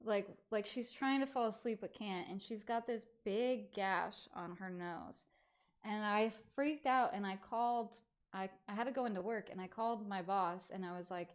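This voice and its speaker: A woman streamer chatting casually as she tells a personal story, full of rambling fillers. Her voice sits in a middle pitch. The stream audio sounds a bit dull and muffled. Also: normal speed. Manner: rambling, filler-heavy, animated retelling.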